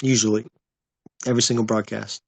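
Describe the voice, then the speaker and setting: A man's voice: fairly low pitch, flat delivery, fairly quick, vocal fry, husky, dry recording. A man hosting a casual livestream, chatting with viewers in a rambling, laid-back way. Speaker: livestream host.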